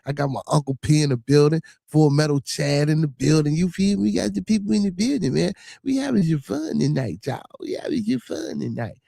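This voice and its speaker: Reading chat aloud on his livestream, a Chicago-accented podcast host jokes and curses casually, leaning on filler words. He speaks a little high and a little fast with vocal fry, warm tone, and hardly any pauses, captured in studio quality without room sound.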